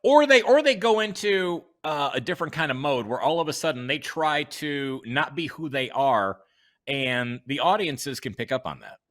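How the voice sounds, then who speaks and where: A man hosting a casual interview, asking questions and reacting with quick asides. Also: fairly high pitch, lively intonation, a bit bright. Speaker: talk show host.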